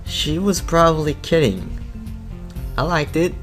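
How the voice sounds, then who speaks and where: A man's voice: on the high side, a little slow, fairly bright tone, faint music behind. Man swearing and laughing over a game. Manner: profane, laughing asides. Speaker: let's play host. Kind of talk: reading a visual novel aloud with commentary.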